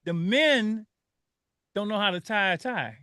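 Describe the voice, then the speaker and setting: An older man with a high, bright voice, hosting a radio talk show. He speaks earnestly and with feeling, often stopping to restart a phrase. The sound is close and dry. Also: animated, unhurried, clean tone, no room sound. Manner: emotional, earnest storytelling with frequent restarts.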